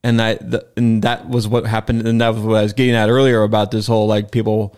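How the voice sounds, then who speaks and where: A man co-hosting a casual podcast, speaking haltingly and filling his sentences with "like". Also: fairly low pitch, little pitch movement, darkish tone, smooth. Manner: halting, many filler likes. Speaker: podcast co-host. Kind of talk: casual chat.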